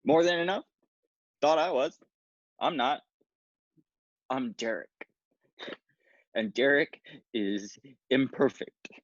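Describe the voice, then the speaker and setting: A man's voice: mid-range voice, expressive, slow, long pauses, no echo. A man playing a weepy, self-pitying jilted young man from a dating show, in mock-tearful lines, on a dull lo-fi recording. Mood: mock-sad.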